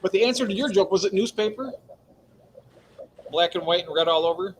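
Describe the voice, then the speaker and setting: A man hosting a casual livestream chat who laughs easily and talks in an animated way. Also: sits high, a little fast, a little hiss or hum. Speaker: livestream host.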